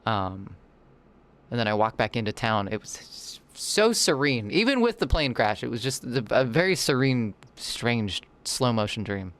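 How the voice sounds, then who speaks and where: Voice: medium pitch, a little slow. A livestreamer, chatting casually with viewers while drawing. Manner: animated, chatty, reads and answers chat.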